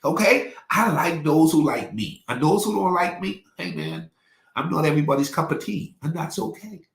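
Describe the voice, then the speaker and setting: A man's voice: fairly high pitch, big pitch swings, normal speed, vocal fry, reverberant. A man giving a live teaching in a folksy, conversational preaching style, calling out to his listeners. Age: 40s. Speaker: pastor.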